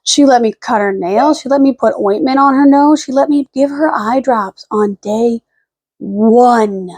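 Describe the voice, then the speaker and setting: A young woman vlogging at home in a rambling casual chat, close to the camera mic, now and then slipping into high baby talk for her dog. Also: measured pace, darkish tone, no room sound.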